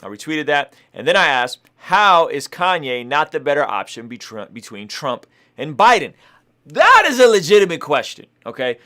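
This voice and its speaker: A young adult man giving animated, casual political commentary, talking conversationally with fillers and frequent tag questions. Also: fairly high pitch, normal speed. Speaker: video commentator and rapper.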